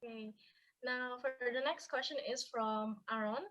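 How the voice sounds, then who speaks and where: A woman's voice: fairly high pitch, fairly even intonation, unhurried, fairly bright tone, low-quality recording. A woman moderating a session, politely reading audience questions aloud.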